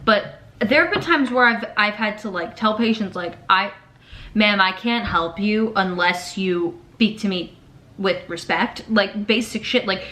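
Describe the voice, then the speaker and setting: Brief: young woman vlogger in her twenties, frank and animated, mid-pitched, swears casually. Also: unhurried, a little hiss or hum. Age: 20s. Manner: candid, animated, swears freely, acts out quotes. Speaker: patient navigator. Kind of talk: casual confessional chat.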